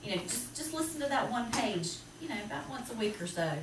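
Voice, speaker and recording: A woman teacher with a Southern US accent, talking to parents about reading in a chatty, lively way. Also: a little high. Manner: chatty, lively, quick to laugh. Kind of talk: presentation to parents. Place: school classroom. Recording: roomy, distant, noisy classroom recording.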